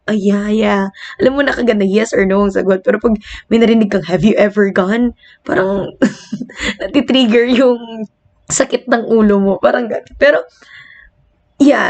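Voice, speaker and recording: A woman's voice: a little high, fairly quick, vocal fry, darkish tone. A young Filipino woman teaching an online lecture in a chatty, casual way, with a Filipino accent and frequent laughs and fillers. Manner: chatty, laughs often, uses many fillers. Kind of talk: casual online lecture mixing English and Tagalog.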